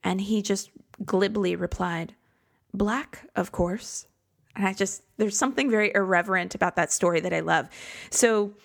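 A woman's voice: fairly low pitch, creaky. A woman hosting a podcast, talking in a chatty, reflective and self-deprecating way from a home studio. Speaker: podcast host. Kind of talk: casual solo podcast talk. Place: home studio in a converted garage.

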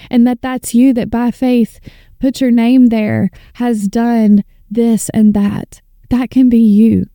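A woman's voice: fairly high pitch, mellow, dry recording. A woman in her thirties hosting a faith podcast, reading scripture and speaking with earnest, preacher-like fervor into a close mic. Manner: fervent, earnest, preacher-like build-ups. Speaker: podcast host and author.

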